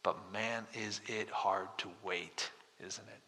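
A man's voice: fairly low pitch, fairly even intonation, takes it slowly. Dramatic male preacher in a reverberant hall. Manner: dramatic, swings from loud emphasis to hushed; asks the listeners questions. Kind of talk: expository sermon.

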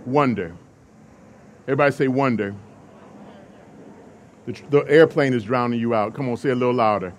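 A man's voice: mid-range voice, fairly quick, long pauses, a little hiss or hum. A male preacher delivering a sermon, emphatic and calling on the congregation to respond.

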